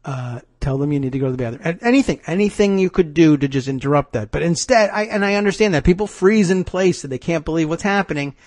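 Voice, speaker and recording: A male talk show host delivering an animated, sarcastic political monologue. His voice is a little high and his delivery is exasperated. The sound is dry and close. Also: quick pace, hardly any pauses, no room sound.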